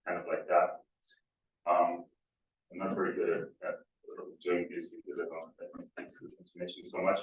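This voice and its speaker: Low-voiced guy giving a conference talk, lots of uhs and restarts, far from the mic, super echoey hall, dull sound. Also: level tone, moderate pace. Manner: hesitant, many fillers and restarts. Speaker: conference speaker. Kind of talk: academic talk. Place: lecture room. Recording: distant mic, echoey room, dull audio.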